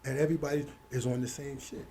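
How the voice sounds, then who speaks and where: A middle-aged man, telling stories as an interview guest, animated and quick to act out other people's voices. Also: medium pitch, a little hiss or hum. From Hollis, Queens, New York. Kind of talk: casual storytelling interview.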